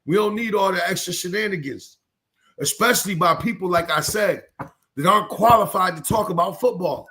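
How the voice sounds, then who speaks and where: Male American co-host, slightly higher pitch, firm and lecturing. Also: normal speed, sharp tone. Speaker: podcast co-host. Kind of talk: podcast talk.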